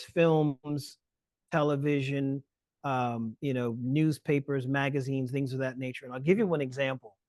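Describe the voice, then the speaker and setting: A man lecturing in a webinar over a video call mic, explaining fast with many fillers. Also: mid-range voice, darkish tone, no echo. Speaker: guest lecturer.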